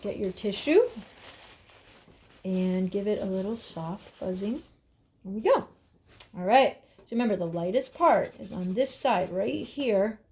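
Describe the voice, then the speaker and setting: A woman's voice: medium pitch, mellow. A woman teaching a drawing lesson, upbeat and encouraging, talking as she draws. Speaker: art teacher.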